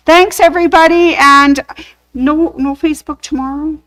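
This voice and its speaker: A woman's voice: high-pitched, expressive, measured pace, fairly bright tone, no echo, low-quality recording. A woman hosting a sewing shop's live show, gushing over craft samples and telling corny jokes in casual chat.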